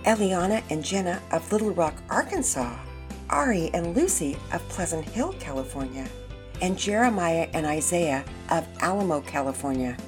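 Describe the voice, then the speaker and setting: A woman hosts a program and reads a children's story aloud in a clear, storytelling manner. Her voice sits a little low and swings widely as she animates the tale. Faint music plays underneath. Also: expressive, moderate pace. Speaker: storyteller and host.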